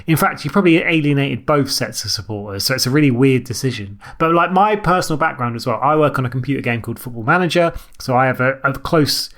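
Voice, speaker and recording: A man co-hosting a film podcast, talking at length in a quick, explaining way. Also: medium pitch, lively intonation, a bit bright. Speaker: podcast co-host. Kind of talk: casual film chat.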